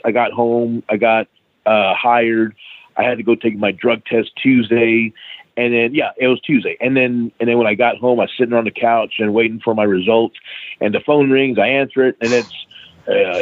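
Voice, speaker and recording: A man's voice: mid-range voice, normal speed, no room sound. Middle-aged man, tinny phone line. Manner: profane, animated anecdote with acted-out quoted dialogue. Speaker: guest, wrestling trainer. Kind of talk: casual storytelling interview.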